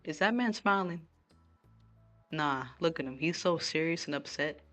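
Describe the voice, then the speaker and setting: A low-pitched woman streams a game from a room at home. She chats casually and keeps talking to her viewers as she plays. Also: expressive, normal speed, a bit bright, soft background music. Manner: chatty, talking to chat while playing.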